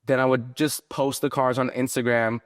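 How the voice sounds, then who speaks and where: A man's voice: mid-range voice, level tone, moderate pace, no room sound, studio quality. A man, a business owner interviewed as a guest, telling stories in a blunt, casual way. He swears and acts out what people said.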